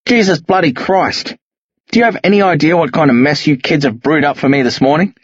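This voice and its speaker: A man playing a gruff, hungover middle-aged police sergeant who barks and berates in a hoarse voice. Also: on the high side, lively intonation, moderate pace, dry recording, dull audio. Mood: furious. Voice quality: hoarse, barking. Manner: berating, threatening, voice rising steadily.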